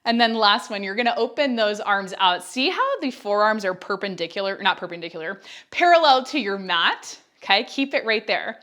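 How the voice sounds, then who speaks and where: A woman's voice: medium pitch, animated, normal speed, bright, forceful tone. A woman instructing a follow-along Pilates workout, counting reps and giving upbeat cues with chatty asides while she is out of breath.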